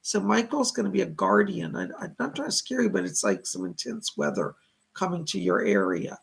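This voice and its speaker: A man with a deeply gravelly, husky voice hosts a live-streamed psychic reading. His pitch moves a lot as he passes on spirit messages and thanks viewers for their donations. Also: sing-song, fairly quick. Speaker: psychic medium host.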